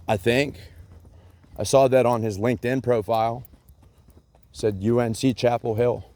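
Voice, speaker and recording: A man's voice: medium pitch, level tone, measured pace, warm tone, no room sound. A man in a rambling solo rant, agitated and profane, repeating himself with many fillers and bits of sarcasm.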